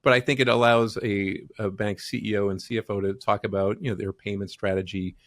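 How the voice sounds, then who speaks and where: A middle-aged man co-hosting a business podcast, speaking in a measured way and explaining points with analogies. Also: on the low side, steady tone, no room sound, studio quality. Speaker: podcast co-host, banking advisor. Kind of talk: casual business podcast chat.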